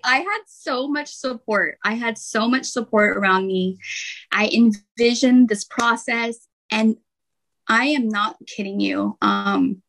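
A woman guest on a podcast interview, telling her own story in a candid, animated way and talking in long runs. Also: a little high, rough recording. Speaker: guest, intuitive healer.

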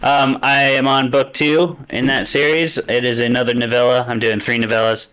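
A man co-hosting a podcast speaks at an average pitch in a casual, relaxed way. He explains things eagerly and laughs easily. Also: moderate pace, smooth. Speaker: podcast co-host. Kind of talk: casual chat.

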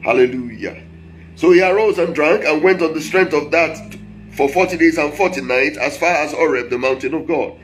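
A man preaching a sermon, reading scripture slowly and breaking off to explain it with asides and chuckles. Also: fairly high pitch, faint music behind, rough recording.

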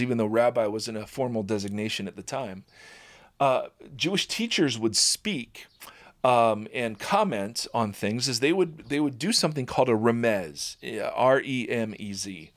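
Informal male Bible teacher, mid-pitched, reads scripture then chats through it. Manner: informal, many fillers and restarts, laughs at own slips. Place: at home, birds audible.

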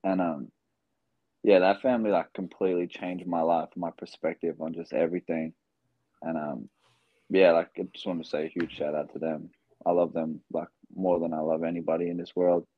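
Low-voiced young Australian man, rambling. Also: little pitch movement, moderate pace, no echo, narrow, tinny audio. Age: young adult. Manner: rambling, filler-heavy storytelling. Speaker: guest, basketball player. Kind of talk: casual interview chat.

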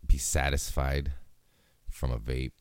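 A man's voice: a bass voice, level tone, slow pace, smooth, no echo. A young man hosting a solo podcast, talking in a laid-back, rambling way and swearing constantly. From Hawaii. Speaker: podcast host. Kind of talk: casual solo podcast chat.

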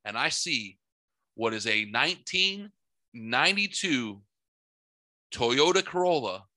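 Animated, foul-mouthed storytelling man. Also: medium pitch, takes it slowly, no echo. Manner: animated, profane, theatrical retelling. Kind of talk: casual storytelling.

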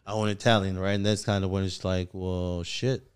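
Low, smooth-voiced man chatting casually. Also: little pitch movement, normal speed. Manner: laid-back, drawls with many "you know" and "right?" fillers, mixes in Spanish slang. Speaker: podcast co-host. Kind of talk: casual chat.

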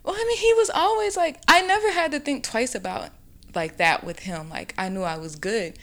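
Gravelly-voiced woman telling a story. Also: a little high, normal speed. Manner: animated, many "like"s, drops to a whisper for asides. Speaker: podcast co-host. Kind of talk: casual storytelling chat.

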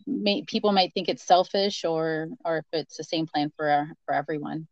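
A woman's voice: deep voice, moderate pace, no echo, highs cut off. A woman guest in a casual conversation, talking thoughtfully and hesitantly. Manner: thoughtful, hesitant, many fillers and restarts.

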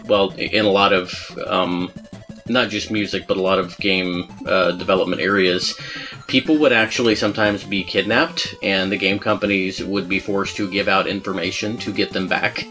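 A man with a fairly low voice chats loosely about old game soundtracks, trailing off and chuckling at himself. Faint music sits under the talk. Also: fairly even intonation, normal speed, bright, forceful tone. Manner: rambling, chuckling, self-deprecating. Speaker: podcast host. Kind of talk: casual podcast chat about game music.

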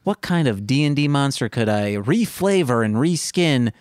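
A man's voice: mid-range voice, expressive, normal speed, smooth, dry recording, clean studio sound. A man, the game master, chatting casually and cracking jokes with his players. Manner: playful, jokey interjections. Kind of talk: casual chat at a tabletop session.

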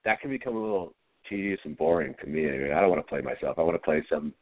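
A middle-aged man, an actor being interviewed, talking in a low-key, halting way with frequent restarts. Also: expressive, dry recording. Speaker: actor guest. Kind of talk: casual interview talk. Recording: dry, phone-like line.

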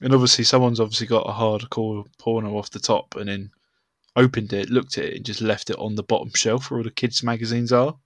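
A man co-hosting a podcast, telling lively anecdotes in casual chat. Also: on the low side, a little fast, dry recording. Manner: animated anecdote-telling with laughs. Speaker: podcast co-host.

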